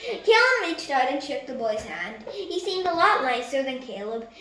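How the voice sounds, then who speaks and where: A woman reads a story aloud with lively storybook narration, now and then stumbling and correcting herself. Her voice is high and bright. It is recorded in a room with a clear echo. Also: moderate pace, a little hiss or hum. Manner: lively reading with small stumbles. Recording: echoey room.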